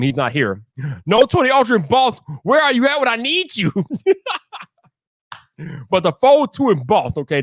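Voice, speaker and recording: A man hosting a casual live stream, talking in an animated way, repeating himself and ranting loudly when annoyed. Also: fairly high pitch, no echo, studio quality.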